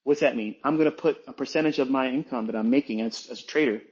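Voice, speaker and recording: A man's voice: medium pitch, fast talker, a little mellow, breathy edge, lo-fi sound. A man talking as a trading mentor in a blunt, emphatic, profane monologue, repeating his points for weight.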